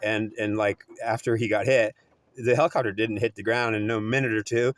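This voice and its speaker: A man's voice: on the low side, steady tone, brisk. A man telling a story in a rambling, repetitive way, often restarting and correcting himself. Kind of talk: oral storytelling.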